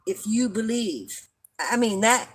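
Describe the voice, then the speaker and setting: A woman's voice: fairly high pitch, animated, slow, slightly rough, rough recording. An older woman hosting a casual live-stream chat, rambling and chatty, laughing at her own stories and coughing often.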